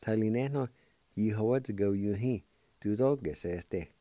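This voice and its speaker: A man hosting a radio language lesson, spelling out words letter by letter and repeating each one slowly for listeners to practice. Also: on the low side, warm tone, a little hiss or hum. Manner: slow, careful spelling out of letters and syllables; repeats each word several times for practice.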